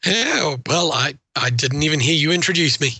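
A man with a hoarse voice, joining a casual tech podcast over a video call in a laid-back, joking way. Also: a little high, expressive, normal speed, sharp tone, no room sound. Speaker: podcast co-host. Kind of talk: casual chat.

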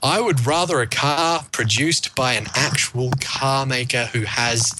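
A man's voice: medium pitch, a little slow. Dry-witted Kiwi man, noisy recording. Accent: New Zealand. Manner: dry joking, sarcastic. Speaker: podcast co-host. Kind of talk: casual tech podcast chat.

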